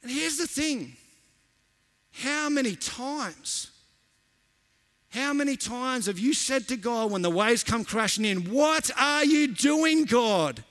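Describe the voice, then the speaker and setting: A man preaching as a pastor, an animated storyteller who repeats lines for emphasis. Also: extremely high pitch, slow, long pauses. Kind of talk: sermon with storytelling.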